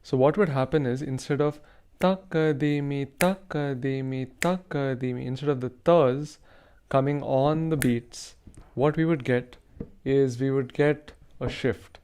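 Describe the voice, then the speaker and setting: A man's voice: medium pitch, fairly even intonation, unhurried, warm tone. A man hosting a rhythm lesson, carefully explaining and reciting rhythm syllables in time. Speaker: rhythm teacher, show host.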